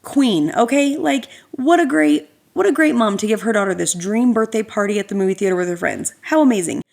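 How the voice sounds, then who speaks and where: A woman hosting a podcast, telling a story as a casual rant in an animated, sarcastic way with lots of fillers. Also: medium pitch, fairly quick, gravelly. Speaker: podcast host.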